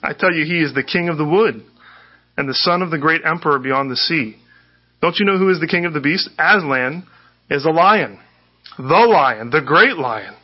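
A stern talking beaver from a storybook, gruff and emphatic, as a male preacher reads him aloud. The voice is husky and pushed louder than plain talk. The recording is dull and lo-fi. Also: fairly high pitch, expressive, moderate pace. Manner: emphatic, louder when reading.

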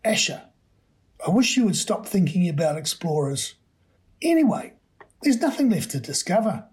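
A man voicing a worried, gentle mother who speaks in a soothing, pleading way, in a raised voice. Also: high voice, sing-song, moderate pace.

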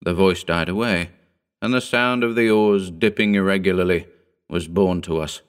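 A man reads a horror short story aloud, measured and solemn. His voice sits on the low side, and he lets each sentence unfold steadily. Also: clean tone. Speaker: reader.

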